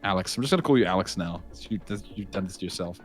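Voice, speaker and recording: This is a man calling a game tournament live, excitable and quick to laugh. His pitch swings widely from line to line as he reacts and chats with viewers. Faint music plays beneath him. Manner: excitable, laughing, reads chat aloud. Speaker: esports caster. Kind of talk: casual live game commentary.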